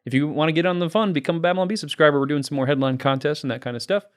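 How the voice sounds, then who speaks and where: A man's voice: fairly high pitch, very fast, clean tone. A man hosting a comedy podcast, reading listener mail in casual chat and laughing along. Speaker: podcast host.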